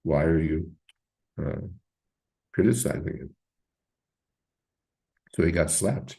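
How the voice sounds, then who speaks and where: Gravelly deep-voiced man teaching scripture. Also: lively intonation, warm tone. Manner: halting, thoughtful, many pauses and fillers. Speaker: teacher leading a scripture class. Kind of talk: informal scripture commentary.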